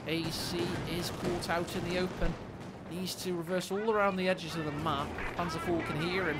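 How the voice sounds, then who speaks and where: A man's voice: a little high, loud music behind the voice. Jokey male game caster. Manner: quick, jokey play-by-play with sudden excited rises. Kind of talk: live game commentary. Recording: game battle sounds under the voice.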